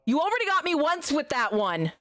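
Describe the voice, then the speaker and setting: A woman's voice: high voice, big pitch swings, fairly quick, fairly bright tone, no room sound, faint music behind. A woman streaming a game, chatting casually with her viewers, teasing them and swearing freely. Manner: teasing, swears a lot, talks back to chat.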